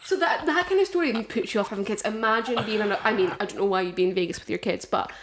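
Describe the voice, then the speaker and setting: A chatty woman co-hosting a podcast, telling stories in a relaxed conversational way. Her voice sits at a middle pitch, and she speaks into a podcast microphone. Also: rapid-fire, noisy background. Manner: chatty storyteller who acts out quoted voices. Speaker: podcast co-host. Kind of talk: casual podcast chat.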